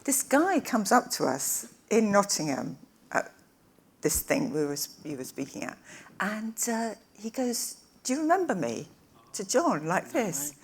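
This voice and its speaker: A woman's voice: medium pitch, big pitch swings, gravelly, slightly rough. A woman, an interview guest, chatting on a conference stage and often laughing as she talks. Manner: giggly, quick to break into laughter. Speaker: interview guest, evangelist's wife. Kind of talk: casual stage conversation. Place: conference stage before an audience.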